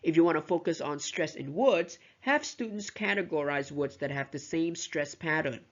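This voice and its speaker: Speaking at an ordinary speed, this woman has a low-sitting, expressive voice as she lectures on how to teach pronunciation. She's a teacher trainer who explains things one step at a time, often tossing in "right?" and "you know." It's captured on a dull, lo-fi recording.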